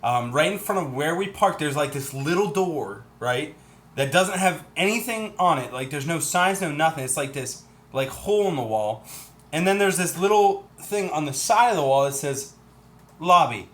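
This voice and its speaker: A man hosting a livestream, telling a story in a chatty, animated way and acting out what other people said. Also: a little high, moderate pace. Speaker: livestream host.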